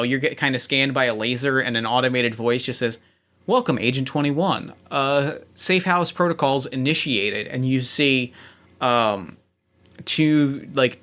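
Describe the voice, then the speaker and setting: A man's voice: mid-range voice, sharp tone. A man hosting and running a tabletop role-playing game, setting scenes in a loose, hesitant way full of fillers. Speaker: game master and host.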